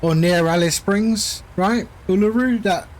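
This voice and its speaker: High-voiced chatty male streamer. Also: a little slow. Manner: chatty, rambling, jokey asides to chat. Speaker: flight-sim streamer. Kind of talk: casual chat while flying a sim.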